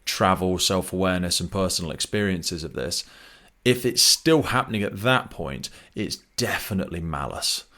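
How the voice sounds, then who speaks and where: Deep-voiced man, podcast host, relaxed chat with lively asides. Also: moderate pace. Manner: chatty, animated retelling with quoted voices. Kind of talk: conversational interview.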